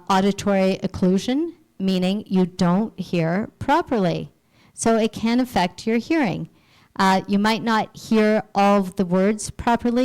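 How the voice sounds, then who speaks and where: A woman's voice: mid-range voice, a little mellow, smooth. A woman presenting a health seminar, explaining from slides to a live audience and sometimes acting out little dialogues.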